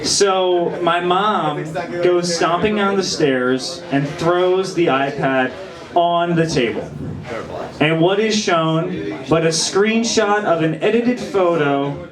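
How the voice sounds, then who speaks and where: A man's voice: fairly high pitch, slow. Young man, stand-up comic, self-deprecating, rambling, echoey bar, crowd noise. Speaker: stand-up comedian. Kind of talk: stand-up comedy set. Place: small bar with live crowd.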